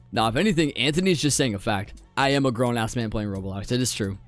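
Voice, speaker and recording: A young adult man streaming a game, chatting casually with his viewers and commentating his play, often repeating phrases and dropping into quiet mutters. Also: medium pitch, lively intonation, moderate pace, soft background music. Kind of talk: casual live-stream chat with gameplay commentary.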